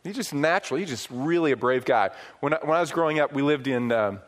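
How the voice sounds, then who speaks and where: A middle-aged man from upstate New York preaching a sermon, telling stories with swings from hushed asides to loud, emphatic points. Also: mid-range voice, animated, fast talker. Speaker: pastor.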